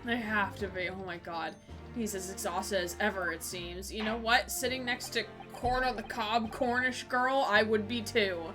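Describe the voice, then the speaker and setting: A woman's voice: mid-range voice, fairly even intonation, moderate pace, music in the background. A woman streamer giggling and exclaiming through a live game playthrough.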